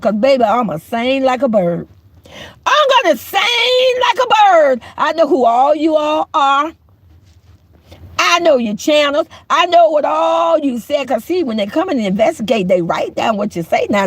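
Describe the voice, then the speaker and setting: Middle-aged woman, high lively voice, preachy call-out commentary with frequent shouting, dry close sound. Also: dry recording. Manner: emphatic, preachy, often shouting. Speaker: YouTube commentator.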